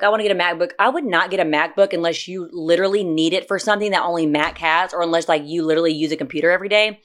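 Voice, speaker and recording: A woman with a slightly low voice, chatting casually as a podcast co-host. She tells stories in a loud, animated, profane way and breaks into shrieking laughter. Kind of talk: casual chat.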